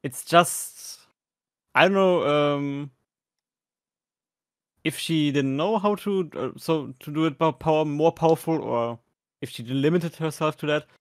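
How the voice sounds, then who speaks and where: A man's voice: on the high side, unhurried, pauses often, no echo, studio quality. A man with a German accent co-hosting a podcast, chatting casually and hesitantly about performances, with many fillers and restarts. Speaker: podcast co-host. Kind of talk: casual chat reviewing performances.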